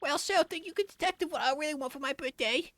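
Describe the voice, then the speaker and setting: A man reading video game characters' lines aloud in a high, sing-song put-on voice. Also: quick pace, fairly bright tone, no room sound. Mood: playful.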